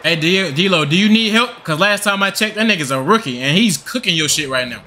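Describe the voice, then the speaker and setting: A man's voice: high voice, lively intonation, a little fast, bright, forceful tone. A young man giving angry, profane gameplay commentary, ranting at the game and the referees. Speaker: gaming channel host.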